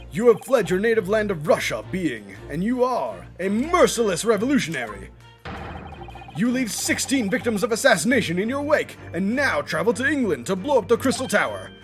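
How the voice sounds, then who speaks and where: A man voicing a pompous, eccentric gentleman detective, reading game dialogue with grand, drawn-out theatrical delivery. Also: high-pitched. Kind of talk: game dialogue read aloud.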